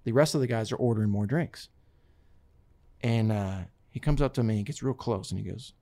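A man casually telling a long story, acting out what others said in lively voices. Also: medium pitch, brisk, vocal fry. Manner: animated, quotes others in lively put-on voices.

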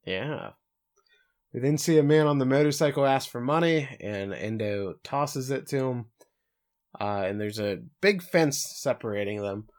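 A man co-hosting a podcast recaps an episode in a loose, rambling way. He often stops to correct himself and slips in dry jokes. His voice sits at an ordinary middle pitch. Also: lively intonation, unhurried, a little mellow.

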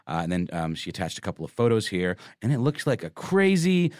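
A man's voice: on the low side, big pitch swings, a little fast, no room sound, clean studio sound. A man co-hosting a podcast, bantering and teasing in a playful, joking way. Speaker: podcast co-host. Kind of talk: casual banter.

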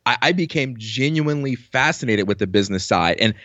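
In a casual interview as a podcast guest, an animated storyteller from New York recounts his career, performing the voices of those he quotes. He speaks fairly quickly in a mid-range voice, and the audio is dry and dull.

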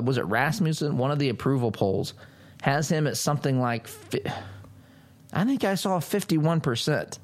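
A talk show host delivers a political commentary monologue in an ordinary mid-range pitch. He speaks emphatically, leans on sarcasm, and repeatedly addresses his listeners directly.

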